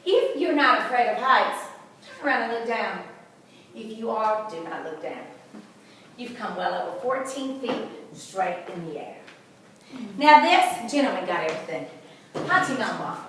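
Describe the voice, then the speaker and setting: A woman's voice: a little high, big pitch swings, normal speed, a bit bright, slight background noise. Woman giving a chatty house tour. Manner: chatty, folksy storytelling with jokes. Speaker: tour guide. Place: indoors in a large historic house. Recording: echoey room from far off.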